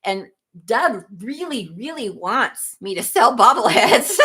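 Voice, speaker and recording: A woman's voice: medium pitch, a bit bright. Chatty middle-aged woman hosting a livestream. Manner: chatty, rambling, laughs often, apologetic. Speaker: livestream host. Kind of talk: casual chat reading live comments.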